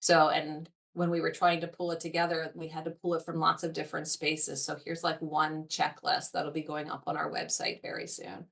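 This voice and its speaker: An eager, talkative woman with a somewhat low voice speaks as a guest in a podcast conversation. She sits a little back from the microphone, so her voice sounds set at a slight distance. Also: little pitch movement, moderate pace, vocal fry, few pauses, fairly bright tone. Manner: eager, talkative, frequent fillers. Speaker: parks foundation representative, guest.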